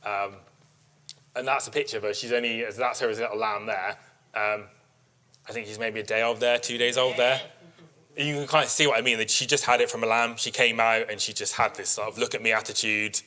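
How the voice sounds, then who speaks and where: A man, a sheep breeder, giving an informal workshop talk to an audience, chatty and quick to act out what people said, laughing often. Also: mid-range voice, steady tone, sharp tone. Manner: chatty storyteller, acts out quotes, laughs often. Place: live workshop in front of an audience.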